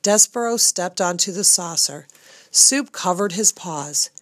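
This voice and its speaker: A woman reads a children's storybook aloud in a measured, steady manner, now and then turning to address the reader directly. Her voice sits on the low side, and the recording is dry and close. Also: no room sound. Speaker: audiobook narrator. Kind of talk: scripted storybook narration.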